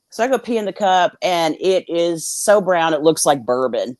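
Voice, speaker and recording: A woman's voice: fairly low pitch, moderate pace, hardly any pauses, darkish tone, no echo. Blunt, swearing woman with a dry, close sound. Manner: blunt, swears freely, acts out quoted dialogue. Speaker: guest. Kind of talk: candid storytelling in a conversation.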